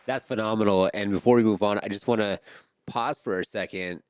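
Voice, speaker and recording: Deep-voiced enthusiastic male podcast host. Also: a little fast, slight background noise. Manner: enthusiastic, chatty, bursts of excitement. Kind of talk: casual interview chat.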